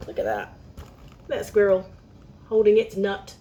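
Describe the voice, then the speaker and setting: A woman's voice: mid-range voice, very animated, measured pace, warm tone. A young woman reading a picture book aloud, chatting to young listeners between lines. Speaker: storyteller.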